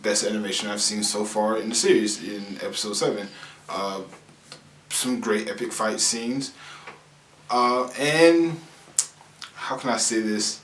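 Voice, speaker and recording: A man's voice: on the low side, a little slow, long pauses, a bit bright, roomy sound, slight background noise. A young man co-hosting a casual show, joking around and hesitating with fillers as he looks for words. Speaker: podcast co-host. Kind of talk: casual chat.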